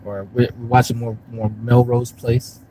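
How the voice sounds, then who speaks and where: A YouTube commentary streamer rambles and swears casually to his chat, first outdoors in a park and then from a parked car. His medium-pitched voice is flat and dark-toned at a moderate pace, on a low-quality recording with slight background noise.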